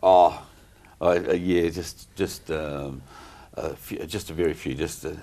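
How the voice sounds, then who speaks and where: A middle-aged man talks in a very low voice. He wanders through his stories, stopping and restarting often with plenty of ums. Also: steady tone, measured pace, mellow. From New Zealand. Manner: rambling, many fillers and restarts. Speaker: guest entertainer. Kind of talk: casual interview chat.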